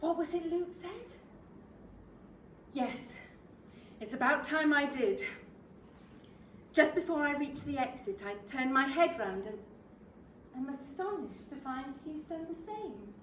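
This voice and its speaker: A woman's voice: high voice, a little slow, long pauses, slight background noise. Wry older woman on stage. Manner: wry, self-deprecating, expressive storytelling. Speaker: stage actor performing a monologue. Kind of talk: theatrical comic monologue. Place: theatre stage. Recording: roomy theatre, from a distant mic.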